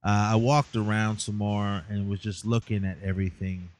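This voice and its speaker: A man with a lowish voice rambles through a casual recap of his day. He sounds tired and leans on fillers as he goes. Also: little pitch movement, normal speed, slight background noise. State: tired, yawning. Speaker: podcast host.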